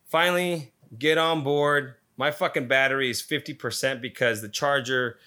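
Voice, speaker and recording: A man's voice: mid-range voice, fairly even intonation, moderate pace, bright, forceful tone. A man casually telling a story, swearing constantly and retelling it with energy.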